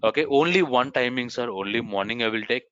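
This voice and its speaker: A man instructor leads an online class, answering questions and sprinkling sir and ma'am through his sentences. His tone is bright and forceful. The call audio sounds dry and dull. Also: mid-range voice, brisk, no room sound. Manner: addresses students as sir and ma'am constantly. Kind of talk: live class Q&A. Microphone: video call. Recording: muffled online meeting audio.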